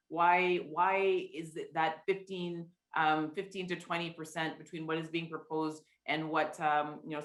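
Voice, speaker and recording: A woman with a notably low voice moderates a panel discussion over a video call. She talks haltingly, with plenty of restarts and fillers. Her voice carries a roomy echo. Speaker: party leader hosting a virtual roundtable.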